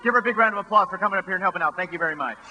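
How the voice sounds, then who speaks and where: A man's voice: high-pitched, rapid-fire, sharp tone, dull audio, faint music behind. A man presenting a stunt on a stage before a live audience, with dry, sarcastic patter aimed at the crowd.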